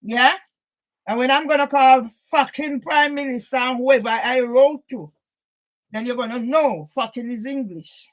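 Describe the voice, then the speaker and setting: A woman with a high voice rants to camera in an upset, agitated monologue. She swears constantly and keeps throwing out a challenging "yeah?". Her voice sounds emotional and near tears. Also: unhurried, low-quality recording. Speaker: vlogger. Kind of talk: angry personal monologue to camera.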